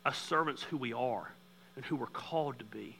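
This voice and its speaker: Bright, storytelling male pastor. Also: mid-range voice, moderate pace, creaky, a little hiss or hum, poor audio. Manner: storytelling, self-deprecating humor; conversational, with lively bursts. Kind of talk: sermon.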